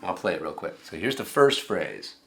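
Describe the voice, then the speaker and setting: Gravelly-voiced man teaching songwriting. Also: low voice, big pitch swings, normal speed. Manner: conversational, explains with examples. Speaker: songwriting instructor. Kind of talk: lecture with piano demonstrations.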